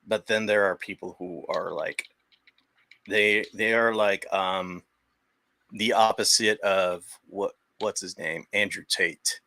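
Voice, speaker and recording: A man's voice: sits low, fairly even intonation, takes it slowly, vocal fry, pushed and bright, dry recording. A young man chatting casually as a guest on a stream, rambling with many restarts and the odd swear. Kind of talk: casual chat.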